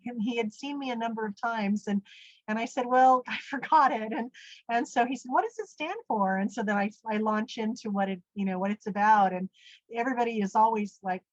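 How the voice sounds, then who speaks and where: Her voice fairly high and steady, a brisk American woman tells an interviewer about nearly dying, rambling earnestly with many asides and lots of "you know" and "literally." The recording sounds dry and dull.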